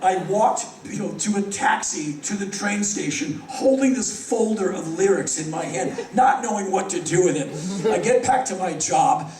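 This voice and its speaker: An American man in his fifties telling stories on stage in a wry, animated way, acting out the voices of people he quotes. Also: high voice, normal speed. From United States. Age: 50s. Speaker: spoken word performer. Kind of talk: live stage storytelling. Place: large concert hall. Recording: echoey hall from far off.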